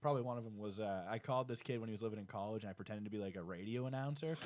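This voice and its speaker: A man co-hosting a comedy podcast, joking and excitable in casual chat. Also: lowish voice, rapid-fire. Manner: joking, excitable, laughs often. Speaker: podcast co-host.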